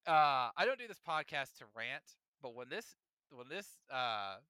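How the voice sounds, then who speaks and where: A young man hosting a casual podcast, ranting in a playful, animated way. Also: mid-range voice, normal speed, clean tone, no echo. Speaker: podcast host.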